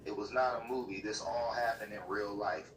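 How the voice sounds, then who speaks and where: Synthetic male chatbot, formal and lecturing, low, bright tone, played from across a roomy space, faint tv behind. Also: fairly even intonation, moderate pace, distant mic, slight background noise. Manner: stiff, lecturing, polite. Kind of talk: calm, formal replies. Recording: roomy speaker playback with faint TV.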